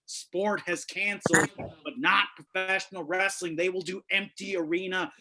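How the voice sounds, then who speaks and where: A man performs stand-up from his home over a video call, his voice sitting a little high. He punches out brash, swearing jokes in a quick rhythm. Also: steady tone, sharp tone, a little hiss or hum, poor audio. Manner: brash, punchy joke delivery with frequent swearing. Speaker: stand-up comic. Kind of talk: stand-up set at an online open mic. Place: home, indoors on carpet.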